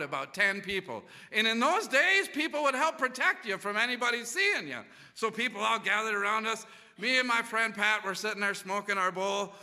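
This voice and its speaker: A man's voice: sits high, bright, forceful tone, long reverb tail. A man casually telling a rambling, profane anecdote full of restarts. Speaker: storyteller.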